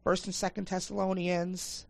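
A woman's voice: fairly low pitch, level tone, normal speed, vocal fry, darkish tone, a little hiss or hum. A woman in a church class, reluctant and hesitant, reciting a memorized list of Bible books. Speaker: class member.

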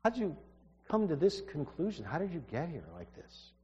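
A man voicing God as a gentle, patient male figure who asks soft, coaxing questions. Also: high-pitched, expressive, unhurried, slightly rough, long reverb tail, muffled recording, full character voice. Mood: gentle questioning.

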